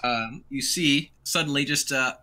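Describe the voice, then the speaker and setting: A man's voice: medium pitch, unhurried, noisy background. A man narrating a tabletop game as game master, rambling with many fillers.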